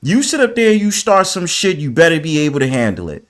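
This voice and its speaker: A man's voice: a little high, sing-song, fairly quick. A man hosting a call-in panel, blunt and profane in casual talk. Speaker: panel host. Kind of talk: heated casual chat. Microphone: phone or video call.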